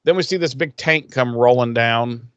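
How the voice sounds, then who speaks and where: A man's voice: medium pitch, moderate pace, clean tone, no echo, dull audio. Profane man recapping in a dry room. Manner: profane, animated retelling with voiced quotes. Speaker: podcast co-host. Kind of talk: casual episode recap.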